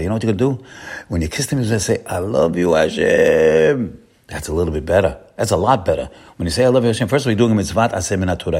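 A man giving an inspirational sermon, addressing listeners as his friends, repeating phrases and swinging his voice up and down for emphasis. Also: breathy edge. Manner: lively swings in pitch and loudness for emphasis. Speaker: rabbi giving a short talk.

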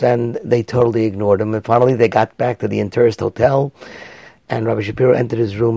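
A man's voice: medium pitch, fast talker, vocal fry, darkish tone, dry recording. A man, a rabbi, delivering an earnest sermon that weaves in a story and builds to raised, emphatic passages.

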